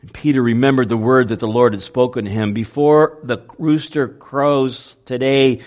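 A man preaching a sermon, unhurried and halting, with frequent fillers and restarts. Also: medium pitch, a little mellow. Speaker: pastor.

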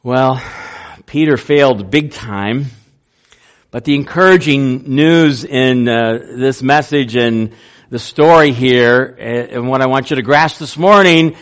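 Slow-speaking male preacher, unhurried. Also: mid-range voice. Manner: unhurried, with many fillers and restarts. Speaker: pastor. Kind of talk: sermon.

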